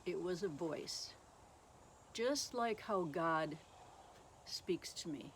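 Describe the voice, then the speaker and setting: Woman, testimony speaker, reading from her book, unhurried, earnest, faint crickets behind. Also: fairly low pitch, lively intonation, a little hiss or hum. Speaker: Christian testimony speaker and author.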